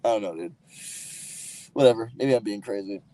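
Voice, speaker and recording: A man's voice: fairly low pitch, a little fast, warm tone, dry recording, rough recording. A man hosting a livestream, rambling and arguing with his chat in a loose, profane way, full of fillers and restarts. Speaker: livestream host. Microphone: streaming mic.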